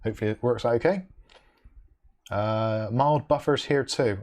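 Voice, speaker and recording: A man hosts a casual livestream chat, reading viewer comments aloud, reacting with dry asides, and humming "da da da" to himself between messages. His medium-pitched voice is a little mellow and moves at a moderate pace, and his manner is chatty.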